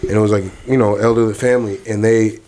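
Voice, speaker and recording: A man who is a guest on a comedy podcast, telling a funny story in an excitable, casual way and laughing often. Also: on the low side, quick pace, slight background noise.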